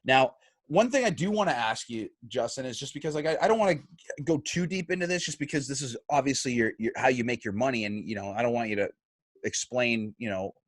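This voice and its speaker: A man hosting a casual podcast, his voice swinging high and low as he tells a wild story with plenty of swearing. The sound is dry and close, with no room echo. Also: fairly quick. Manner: lively, swears freely, acts out quotes. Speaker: podcast host. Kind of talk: casual chat, animated storytelling.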